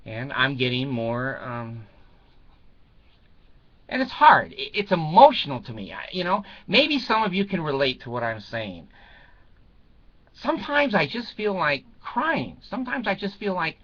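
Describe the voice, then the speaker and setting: A man's voice: on the high side, wildly swooping pitch, measured pace, a bit bright, muffled recording. An older man chatting casually to viewers in a rambling way, chuckling and swearing freely. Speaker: vlogger.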